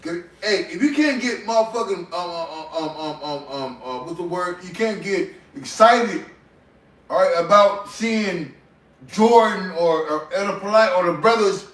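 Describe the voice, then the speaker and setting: A man leading a casual faith group discussion, exhorting the others in a preachy way and filling pauses with strings of "um". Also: high voice, lively intonation, fairly bright tone. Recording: echoey room, mic far off.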